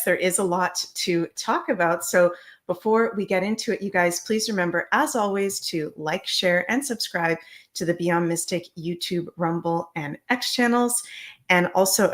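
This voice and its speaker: A middle-aged woman co-hosting a casual spiritual chat show, bubbly and chatty. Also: fairly low pitch. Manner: bubbly, chatty, quick to say yay. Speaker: co-host.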